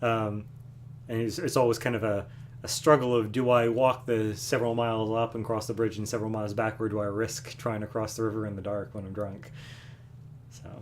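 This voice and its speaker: A man hosting a music livestream from home, casually explaining a song between numbers, relaxed and rambling with fillers. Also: mid-range voice, a little hiss or hum. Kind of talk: casual chat between songs. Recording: guitar playing loudly behind.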